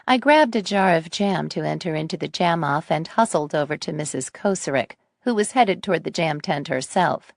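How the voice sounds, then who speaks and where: A woman narrating a mystery audiobook in a measured first-person style. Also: low-pitched, lively intonation, no room sound, studio quality.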